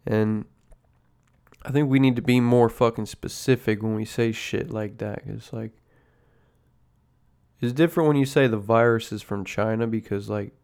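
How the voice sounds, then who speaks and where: A man's voice: lowish voice, steady tone, moderate pace, vocal fry, long pauses, a little mellow, clear, resonant tone. A man hosting a casual podcast chat, rambling in a laid-back way and swearing constantly over his coffee. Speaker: podcast host. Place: at home drinking coffee.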